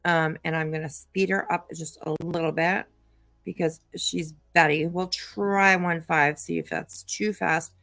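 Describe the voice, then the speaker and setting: A woman's voice: sits low, steady tone, measured pace, gravelly, a bit bright, dry recording. A woman hosting a casual live-stream commentary, chatty and sarcastic, thanking viewers by name. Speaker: commentary channel host. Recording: dry close mic, faint music.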